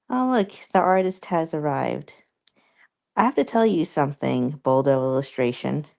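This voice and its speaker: Young woman, live-stream chat, drawn-out unhurried delivery, rambling and halting, lots of fillers. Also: sits low, creaky, darkish tone.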